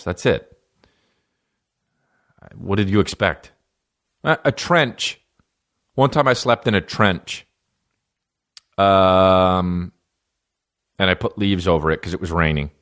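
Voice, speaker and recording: A man's voice: deep voice, takes it slowly, long pauses, fairly bright tone. A man hosting a comedy podcast, talking in a profane, rambling and jokey way. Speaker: podcast host.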